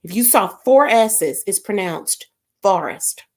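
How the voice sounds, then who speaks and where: A woman's voice: mid-range voice, lively intonation, slow, a little mellow. A woman, hosting a casual livestream and reading viewer comments aloud, laughing often and puzzling over unusual names.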